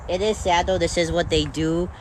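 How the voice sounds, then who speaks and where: A woman's voice: lowish voice, fairly even intonation, moderate pace, poor audio. A woman chatting casually to the camera as a farm vlogger, full of fillers while she does her chores outdoors. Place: outdoors at a chicken coop. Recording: outdoor noise behind the voice.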